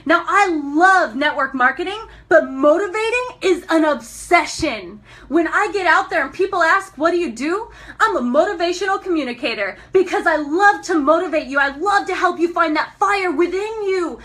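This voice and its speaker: A young woman from Montana giving an energetic motivational talk on a live stream, laughing often and calling out to her viewers. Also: very high-pitched, normal speed, few pauses. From Montana, USA. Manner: enthusiastic, laughs often, talks to viewers as guys.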